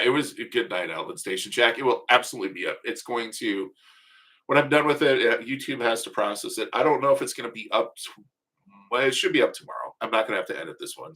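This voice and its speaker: Guy host, bright forceful voice, loose rambling profane yarn-spinning on a livestream. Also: medium pitch. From United States. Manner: rambling, profane, joking storyteller. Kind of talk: casual storytelling livestream.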